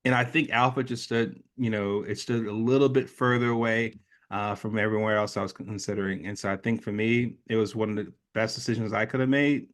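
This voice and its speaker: A man in his late thirties, an interview guest, telling a personal story in a lively way and acting out the voices of the people in it. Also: on the low side, fairly quick. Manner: animated storyteller, acts out quoted voices.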